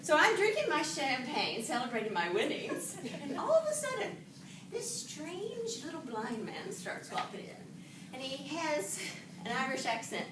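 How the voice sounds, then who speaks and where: Woman, high animated voice, comic speech, echoey distant room recording. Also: a little slow. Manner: animated storytelling with frequent laughter. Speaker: Toastmasters speaker. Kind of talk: humorous speech to a club audience. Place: meeting room with live audience. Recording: echoey room from far off, audible room noise.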